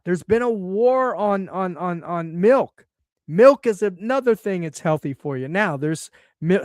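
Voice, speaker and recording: A man's voice: high-pitched, no room sound, studio quality. A man hosting a casual health commentary, talking bluntly and emphatically and checking in with "okay?" as he repeats his points. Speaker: show host.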